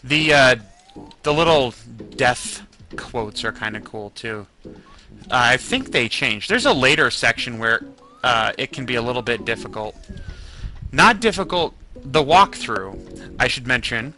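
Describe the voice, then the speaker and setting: A man's voice: mid-range voice, lively intonation, measured pace, bright, forceful tone. A man in his twenties giving casual, rambling gameplay commentary, grumbling at the game and joking at his own expense. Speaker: let's play host. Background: faint game music.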